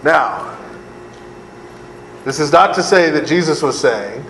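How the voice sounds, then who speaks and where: A priest with a high-ish, fairly bright voice and lively intonation speaks slowly through a conversational Bible study. He often says "right?", laughs and makes sarcastic asides. The echoey room has long reverb and a faint air conditioning hum.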